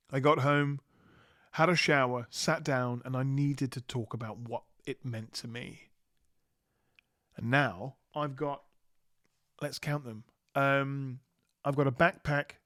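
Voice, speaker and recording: A tired man hosting his own podcast, reflecting warmly and giddily. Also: medium pitch, dry recording, studio quality. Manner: warm, giddy, reflective. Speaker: podcast host. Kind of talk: solo podcast wrap-up.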